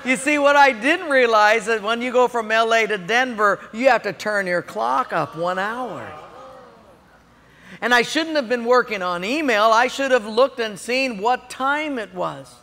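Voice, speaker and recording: A man preaching a sermon, telling a story in an animated way and acting out the quotes. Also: very high voice, in a large hall. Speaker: pastor.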